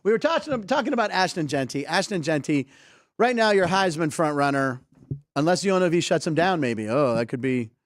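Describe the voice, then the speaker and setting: A man's voice: a little high, expressive, brisk, no room sound, studio quality. A man hosting a sports comedy show, riffing casually and laughing often as he talks through clips. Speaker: host.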